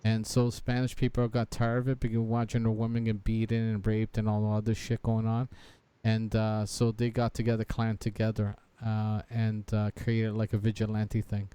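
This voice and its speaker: Crude, animated man hosting a chat. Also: fairly low pitch, moderate pace, smooth, no room sound. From Canada. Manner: crude, profane and animated, with lots of restarts. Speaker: podcast host. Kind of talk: casual chat reacting to clips.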